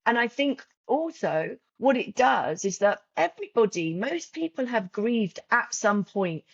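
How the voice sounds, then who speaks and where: A podcast guest who makes journals speaks in a fairly high, sing-song voice at a measured pace, recorded without room sound and with the highs cut off. Her emotional, candid interview talk is marked by frequent restarts and repetitions.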